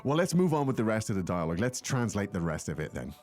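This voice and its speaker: A man's voice: lowish voice, very animated, fast, a little mellow, faint music behind. A man co-hosting a podcast language lesson, joking and rambling as he explains phrases. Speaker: co-host language teacher.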